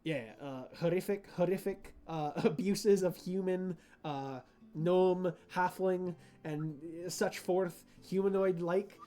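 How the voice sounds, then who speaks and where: A man's voice: high voice, slow pace, dark tone. A man voicing a grim male town representative who speaks plainly and somberly.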